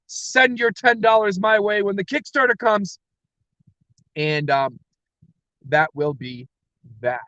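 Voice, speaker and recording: Energetic man rambling on a livestream. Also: high voice, slow, pauses often, no echo, dull audio. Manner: energetic, laughs often, self-deprecating. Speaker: comic creator livestreaming. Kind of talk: rambling solo livestream chat. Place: parked car.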